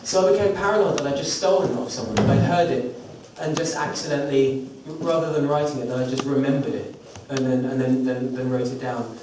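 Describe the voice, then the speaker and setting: A man's voice: mid-range voice, fairly even intonation, brisk, hardly any pauses. A man telling a rambling, self-deprecating story to introduce a song to a small audience during a live performance in a recording studio. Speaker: singer-songwriter performing live. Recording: roomy, distant live recording with background noise.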